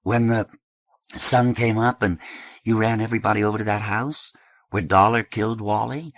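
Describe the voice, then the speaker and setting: A man's voice: lowish voice, fairly even intonation, normal speed, a bit bright, no echo, pitched above the performer's own voice. A man voicing a laid-back, offhand teenage boy in an audiobook.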